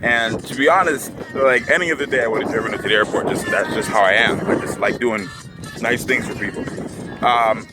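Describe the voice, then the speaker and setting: A man's voice: medium pitch, brisk, loud music behind the voice. A young man telling a story to camera in a casual, rambling way, full of filler words. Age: young adult. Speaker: vlogger.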